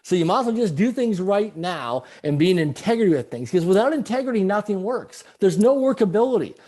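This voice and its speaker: Man, middle-aged, higher voice, animated, repeats himself for emphasis. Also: a little fast. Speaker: guest speaker. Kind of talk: storytelling in a conversational interview.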